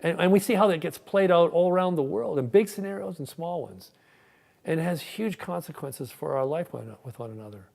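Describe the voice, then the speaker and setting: A man's voice: fairly high pitch, lively intonation, a little fast, gravelly, a little mellow. A male pastor giving a conversational sermon, often repeating words as he starts sentences. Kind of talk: sermon with a joke.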